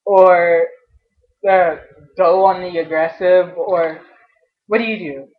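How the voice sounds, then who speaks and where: Young woman, personal vlog rant, halting and frustrated, dull webcam sound. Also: fairly low pitch, fairly even intonation. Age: young adult. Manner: frustrated, halting, many restarts. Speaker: vlogger.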